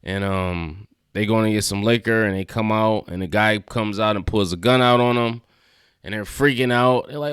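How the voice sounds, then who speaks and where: A man's voice: lowish voice, moderate pace, a bit bright, smooth, no echo, studio quality. A man casually reviewing and recapping a TV episode, laid-back and slangy, chuckling as he retells scenes. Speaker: TV show reviewer.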